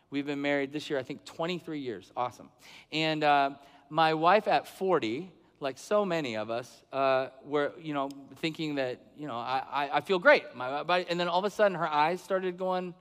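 High-voiced preaching man in a reverberant hall. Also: fairly bright tone. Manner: conversational preaching, asks the congregation questions and acts out quotes. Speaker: pastor. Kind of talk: sermon.

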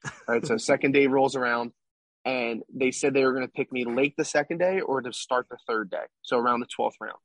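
A man's voice: mid-range voice, a little fast, a bit bright, dry recording. A young man, a baseball player, recounting his past as a guest in a casual interview, rambling and tagging lines with "right?". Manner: rambling, tag questions like "right?".

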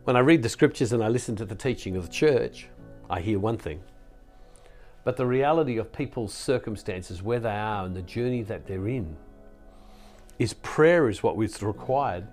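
Guy preaching a reflective sermon, earnest, mid pitch, soft music under it. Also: normal speed. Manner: earnest, reflective, with many restarts. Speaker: Catholic speaker and preacher. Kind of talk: sermon-style spiritual talk.

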